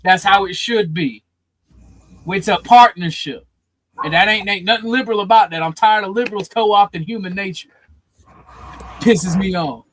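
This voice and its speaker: A man's voice: high voice, moderate pace, long pauses, fairly bright tone, a little hiss or hum, rough recording. A man with a Southern US accent hosting a heated call-in panel, blunt and profane. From Southern United States. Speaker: host.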